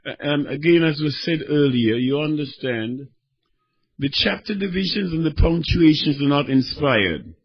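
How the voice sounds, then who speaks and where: A man preaching a sermon, swinging between fervent shouting and quieter teaching as he reads scripture. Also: a little high, animated, normal speed, slightly rough. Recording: dull lo-fi recording.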